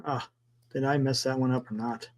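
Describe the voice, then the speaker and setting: A man hosting a sports talk livestream, rambling casually and thinking out loud, with some mild swearing. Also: mid-range voice, level tone, normal speed.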